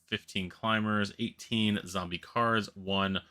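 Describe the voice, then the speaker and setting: A man's voice: lowish voice, fairly even intonation, takes it slowly, pushed and bright. A sleepy man hosting a board game channel, chatting casually and rambling, correcting himself and laughing at his own slips. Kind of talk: casual solo commentary on a crowdfunding campaign.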